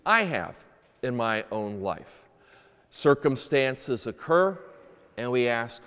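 In an echoey church with long reverb, a priest reads the gospel and preaches at Sunday mass. His mid-range voice is bright, clear, and resonant, very animated yet slow, and he turns earnest and emphatic when asking questions.

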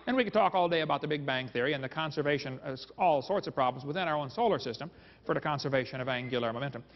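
A man's voice: a little high, very fast. A man giving a joking, folksy seminar lecture to a live audience, full of quips aimed at the crowd. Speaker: creation seminar speaker. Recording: dull, reverberant hall recording.

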